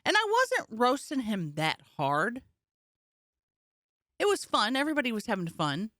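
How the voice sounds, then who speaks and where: A woman's voice: a little high, moderate pace, no room sound, clean studio sound. A woman comedian co-hosting a casual podcast, telling a story with energy and acting out the people in it. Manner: animated storytelling, acts out the people she talks about.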